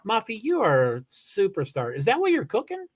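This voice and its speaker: A man's voice: high voice, huge pitch swings, normal speed. A man hosting a livestream, chatting casually and rambling as he reads viewer comments and thanks people with frequent restarts. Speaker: livestream host.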